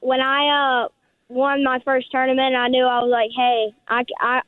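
A man's voice: very high voice, flat delivery, moderate pace, clear, resonant tone, no room sound. Polite young boy on a tinny phone line. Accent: South Carolina. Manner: polite, hesitant, many fillers. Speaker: guest golfer. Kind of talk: phone-in radio interview.

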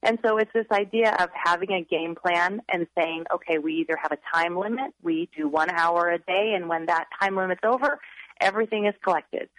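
A woman's voice: fairly low pitch, a little fast, fairly bright tone, no room sound, poor audio. A woman author, a guest on a radio interview, earnestly giving upbeat parenting advice.

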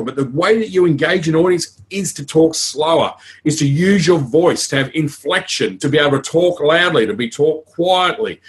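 A man with an Australian accent gives a conference talk on public speaking, frank and energetic, full of asides and stories. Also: on the high side.

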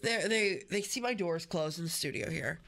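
A woman hosting a radio show in a studio, telling stories in an animated, chatty way with many restarts. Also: lowish voice, moderate pace, gravelly. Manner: animated storytelling, frequent restarts. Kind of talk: casual on-air chat.

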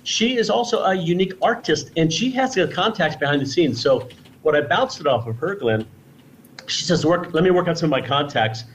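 A man's voice: a little high, lively intonation, fairly quick, slight background noise, low-quality recording. A man, a guest on a radio show, chatting casually and effusively, rambling with restarts and praise. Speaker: guest presenting T-shirts.

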